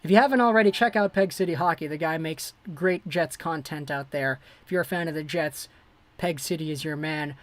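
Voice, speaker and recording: A woman hosting a fan livestream, giving live play-by-play that swings between hushed worry and excited shouting. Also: sits low, brisk. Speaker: livestream host.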